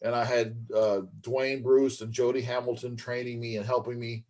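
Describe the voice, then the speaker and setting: A man's voice: mid-range voice, little pitch movement, normal speed, darkish tone. A middle-aged former pro wrestler, a guest on an interview podcast, telling long rambling stories in a folksy way and calling his host man and brother. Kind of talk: casual storytelling interview.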